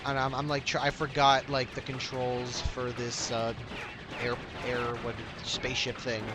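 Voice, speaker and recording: A man playing a game on stream, talking excitedly and stumbling over his words. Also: mid-range voice, unhurried, heavy background noise. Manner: stammering, excitable. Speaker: player on a gaming stream. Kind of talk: casual gaming commentary.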